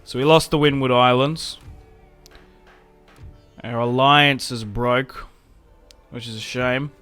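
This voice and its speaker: Young male gaming host, relaxed chatty play-by-play, average pitch, quiet game music underneath. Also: slow pace, clean tone. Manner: chatty, reacts loudly to setbacks, self-mocking laughs. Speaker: gaming YouTuber. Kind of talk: casual gameplay commentary.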